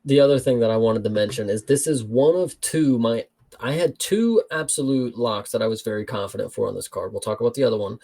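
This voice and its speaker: A man's voice: medium pitch, fairly quick, mellow. A man co-hosting a show, breaking down fights in casual, blunt chat and swearing freely. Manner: blunt, swears freely, calls listener bro. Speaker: podcast co-host.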